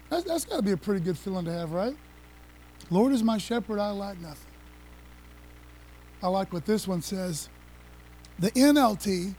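Excitable, high-voiced male preacher. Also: slight background noise, poor audio. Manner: excitable, fast and conversational, with laughs and asides. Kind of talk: energetic sermon with slides.

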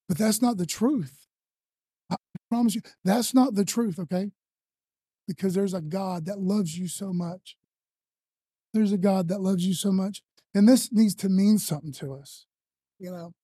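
Guy preaching, chatty and loose, mellow tone, dry close sound. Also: sits high, dry recording. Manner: conversational preaching, says "man" and "you know" often. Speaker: pastor. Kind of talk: sermon.

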